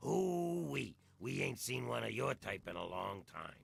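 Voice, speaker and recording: A man voicing a world-weary ghoul townsman in a video game, with a rough, drawling folksy voice. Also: mid-range voice, very animated, unhurried, exaggerated voice. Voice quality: gravelly, rough voice.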